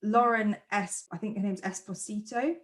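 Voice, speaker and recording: A woman from England co-hosting a podcast, chatting casually and giving her opinions on a film's casting with quick asides. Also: mid-range voice, fairly even intonation, fairly bright tone. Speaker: podcast co-host. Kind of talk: casual film review chat.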